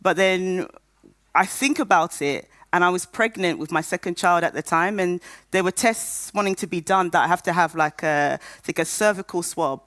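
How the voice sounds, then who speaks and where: A woman's voice: on the low side, moderate pace, fairly bright tone, no echo. Candid, humorous woman telling her story. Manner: candid and humorous, acting out quoted voices. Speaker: patient speaker at a conference. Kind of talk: personal storytelling talk. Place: conference stage.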